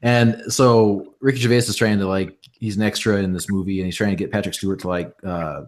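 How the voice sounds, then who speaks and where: A man with a somewhat low voice joins a relaxed podcast conversation. He tells stories eagerly and fills his sentences with likes and uhs. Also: brisk. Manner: animated storytelling with fillers. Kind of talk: casual chat.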